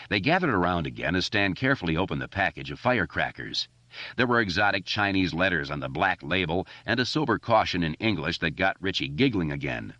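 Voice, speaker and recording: Audiobook narrator, male, very low, animated reading, dry dull recording. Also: fairly quick, dry recording. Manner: expressive, steady reading. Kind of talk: scripted narration.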